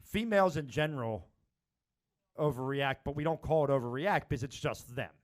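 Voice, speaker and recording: A man's voice: medium pitch, brisk. A man co-hosting a podcast, giving mock-serious advice in a teasing, lecturing way. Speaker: podcast co-host. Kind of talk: casual podcast banter.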